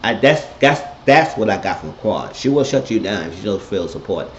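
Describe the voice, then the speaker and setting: Low-voiced man giving a blunt recap. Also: moderate pace, slight background noise. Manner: animated, blunt, profane storytelling. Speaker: TV episode reviewer. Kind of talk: casual recap monologue. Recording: echoey, dull lo-fi room sound.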